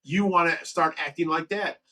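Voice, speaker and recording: Casual livestream host, male, a little high-pitched, emotional and frank as he reads chat aloud. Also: moderate pace, sharp tone, a little hiss or hum, low-quality recording. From Ohio.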